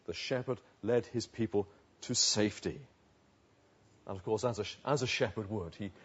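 An earnest male preacher delivers a sermon with a husky voice that swings widely up and down. He talks in an emphatic way and leans on repeated phrases. The sound is a little dull and lo-fi. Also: a little high, a little mellow. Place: outdoors.

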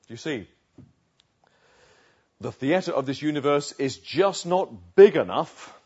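A man preaching a sermon, swinging between hushed asides and emphatic, rising declarations. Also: on the high side, husky. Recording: dull lo-fi recording.

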